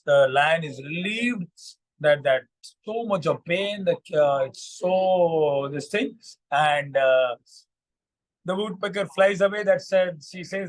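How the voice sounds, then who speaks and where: A man hosting a morning vlog, narrating a moral fable in a halting way with many fillers and repeats. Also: fairly high pitch, low-quality recording. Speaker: vlog storyteller.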